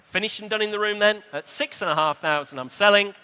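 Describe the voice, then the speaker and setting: A man working as an auctioneer, briskly calling bids at a live sale in a large exhibition hall, with dry asides to the room. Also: sits high, background noise.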